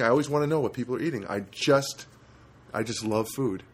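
A man's voice: mid-range voice, fairly quick, husky. A middle-aged man from New Jersey hosting a casual solo podcast from his apartment, rambling and interrupting himself as he tells stories. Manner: rambling, self-interrupting storyteller. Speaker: podcast host. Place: studio apartment.

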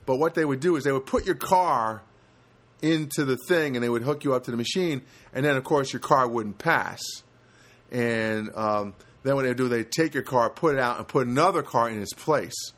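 A middle-aged man, a comedian, telling a rambling story. His speech is loose and full of fillers and restarts. His voice sits at an ordinary middle pitch. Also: moderate pace, a bit bright. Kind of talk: casual storytelling chat.

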